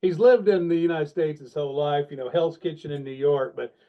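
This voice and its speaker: A middle-aged man, a guest on a casual podcast interview, telling animated, self-deprecating stories about his sales career. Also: a little high, a little fast. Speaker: guest, longtime sales leader. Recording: dull, lo-fi sound.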